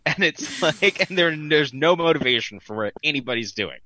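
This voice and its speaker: Bright, lively man co-host. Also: on the high side, normal speed, low-quality recording. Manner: animated, sarcastic storyteller. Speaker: podcast co-host. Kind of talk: casual movie review chat.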